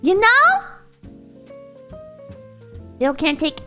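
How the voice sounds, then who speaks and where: A woman's voice: very high voice, wildly swooping pitch, drawn-out words, bright, forceful tone, faint music behind. A young woman streamer chatting casually and ranting, swearing and mock-quoting people. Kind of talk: casual livestream chat.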